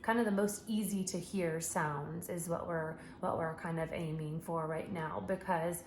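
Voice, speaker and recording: A woman teacher talks parents through a home literacy lesson in a patient, encouraging way. She slows down to stretch out each letter sound. Her voice carries a noticeable room echo over a faint background hum. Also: fairly low pitch, fairly even intonation, a little mellow. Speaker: kindergarten teacher. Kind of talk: tutorial for parents.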